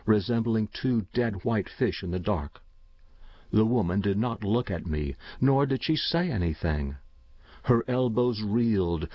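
Somber low-voiced male storyteller. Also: no echo, muffled recording. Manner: measured, somber first-person storytelling. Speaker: narrator. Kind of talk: audiobook short story reading.

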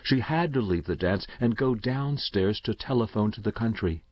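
A man narrating a short story aloud in an expressive, measured reading. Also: on the low side. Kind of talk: audiobook reading. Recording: dull, dry recording.

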